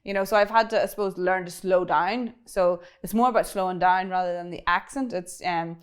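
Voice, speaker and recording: A woman with a Northern Irish accent, chatting quickly in an interview, often laughing, with many fillers. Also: lowish voice, smooth. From Northern Ireland, County Tyrone. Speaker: interview guest, cybersecurity expert. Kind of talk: casual interview chat.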